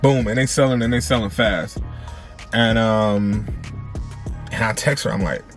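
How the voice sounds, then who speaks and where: A man, a family vlogger, casually telling a story to camera in an animated, slangy way, repeating phrases for emphasis. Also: lowish voice, unhurried, soft background music. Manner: slangy, conversational.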